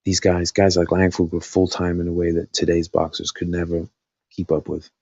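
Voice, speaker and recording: Low husky guy rambling on a stream, dry throat, close dead mic. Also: completely flat delivery, normal speed, mellow, dry recording, muffled recording. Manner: rambling, thinking aloud with many fillers. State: dry-voiced after talking all night. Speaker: live stream host. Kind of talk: casual live stream chat.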